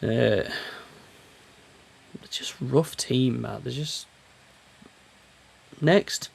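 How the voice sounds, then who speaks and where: A man's voice: medium pitch, drawn-out words, vocal fry, a little hiss or hum. A man with a British accent co-hosting a hockey podcast, bantering sarcastically and reading out team stats. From Britain. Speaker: podcast co-host. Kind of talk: casual hockey chat.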